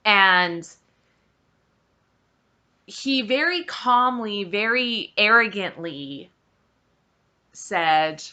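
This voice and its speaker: A woman's voice: medium pitch, animated, extremely slow, pauses often, sharp tone. A woman hosting her own vlog, telling a personal story to camera in a candid, emphatic and exasperated way. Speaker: vlog host.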